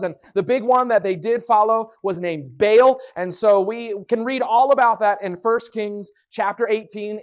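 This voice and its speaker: A woman teaching a Bible story lesson in a lively, playful way, full of asides. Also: medium pitch. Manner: lively, playful, lots of voices and sound effects.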